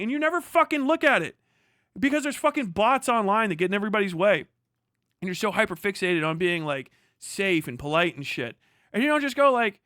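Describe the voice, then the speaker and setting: A man's voice: sits high, fairly bright tone, no echo, studio quality. A man hosting a livestream, delivering an angry, profane political rant full of repetition. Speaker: livestream host.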